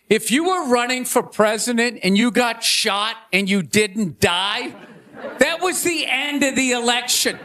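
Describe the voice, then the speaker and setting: A man doing a loud, ranting stand-up set on a theater stage, shouting his punchlines. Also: very high-pitched. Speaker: stand-up comedian. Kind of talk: stand-up monologue. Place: theater stage before a laughing audience. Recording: live show with audience laughter and noise.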